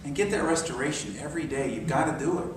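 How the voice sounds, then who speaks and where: A man's voice: on the high side, lively intonation, fast, background noise. Older minister in his 60s, storytelling sermon, very roomy sound, mic at a distance. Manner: storytelling, dropping to soft meditative tones. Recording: very echoey hall, mic far off.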